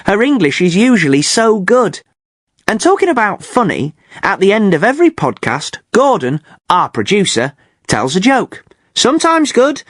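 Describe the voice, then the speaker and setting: Guy hosting an english learner podcast, clear and teachery, voice goes up and down a lot. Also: high voice, no echo, clean studio sound. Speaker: podcast host. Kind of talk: scripted learner podcast presenting.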